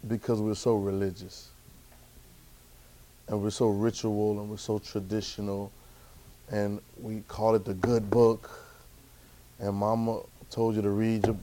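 A man preaching a sermon to a Bible class, colloquial and calling out to his listeners, rising to loud exclamations. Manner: rising to loud, high-pitched exclamations for emphasis; colloquial, calls out to the audience.

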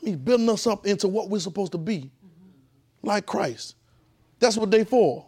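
A preacher with a somewhat high voice teaches a Bible class and draws spoken answers from the room. He hammers points through repetition and often sinks to a low, hushed voice for reverence. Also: animated, normal speed, long pauses, slightly rough. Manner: emphatic and repetitive, often dropping to a low, quiet voice. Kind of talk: call-and-response Bible teaching.

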